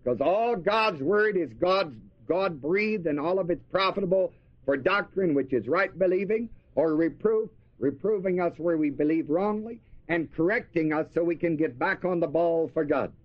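A man's voice: a little high, moderate pace, dry recording. A man preaching a sermon, asking his listeners questions and repeating key words for emphasis. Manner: asks the audience questions and answers them. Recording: dry, dull lo-fi recording.

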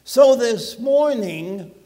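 A man's voice: extremely high pitch, lively intonation, extremely slow, mellow, long reverb tail. A man pastor preaching a sermon to his congregation in a conversational way, putting questions to the listeners. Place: church sanctuary.

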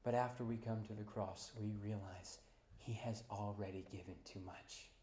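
A pastor preaching a sermon, moving between quiet, low passages and loud, high-pitched climaxes. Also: male voice, steady tone, moderate pace, reverberant, slight background noise.

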